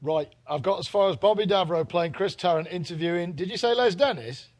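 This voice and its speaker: High-voiced man, teasing. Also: brisk. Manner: playful, teasing banter. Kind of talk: comic casual chat.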